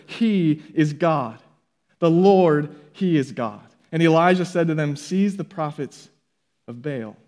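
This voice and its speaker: A man preaching a sermon, reading scripture aloud with relaxed conversational asides. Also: fairly high pitch. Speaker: pastor.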